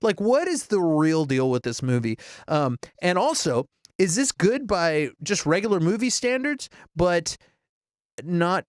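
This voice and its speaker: A man with a high, very lively voice co-hosts a casual movie chat. He jokes around and rambles through lots of fillers. The sound is dry and close. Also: unhurried, no echo. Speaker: podcast co-host.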